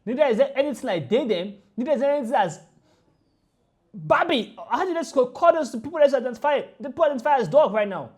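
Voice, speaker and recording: A woman ranting through a reaction video, emphatic and indignant, repeating her points forcefully. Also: high voice, animated, fast talker.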